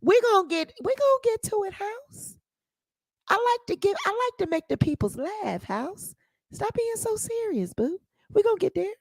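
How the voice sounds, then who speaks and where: A woman's voice: very high voice, sing-song, normal speed, no echo. A woman hosting a casual livestream commentary, talking sassy and profane straight to her audience. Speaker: commentary show host.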